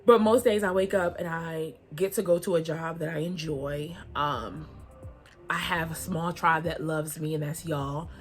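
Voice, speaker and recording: A woman's voice: deep voice, fairly even intonation, measured pace, soft background music. A young woman, talking to her viewers in a casual, heartfelt vlog and laughing often. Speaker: vlogger.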